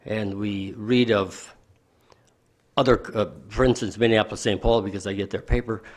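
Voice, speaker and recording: Low voice guy, county supervisor chatting at a board meeting, tells stories. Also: steady tone, moderate pace. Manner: conversational, anecdotal. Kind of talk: public meeting remarks.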